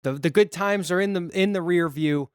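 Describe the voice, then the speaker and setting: A man with a somewhat high voice retells a movie in casual podcast chat. He rambles a little and acts out the characters' lines as he goes. The recording is dry, with no room sound. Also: moderate pace, clean tone, no echo. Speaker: podcast co-host.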